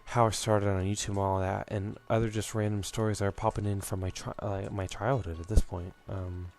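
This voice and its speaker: A young man hosts a let's play with soft music behind him, his lowish, darkish voice brisk and level in tone. He rambles and reminisces through the commentary, using plenty of fillers and sounding a bit out of breath.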